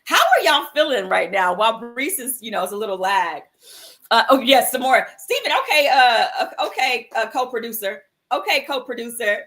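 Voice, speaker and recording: A woman's voice: on the high side, big pitch swings, normal speed, fairly bright tone. A woman hosting a livestream mindfulness show, chatting casually with viewers in an affectionate, encouraging way. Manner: affectionate, encouraging, calls viewers "my love" and "sis".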